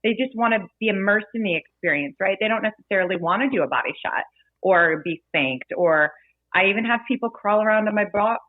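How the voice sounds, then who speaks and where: A woman's voice: medium pitch, a little fast, no room sound. Chatty woman bartender, playful, laughs a lot, dry tinny call audio. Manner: lively, playful, laughs while telling stories. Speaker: event bartender, guest. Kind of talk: casual storytelling interview.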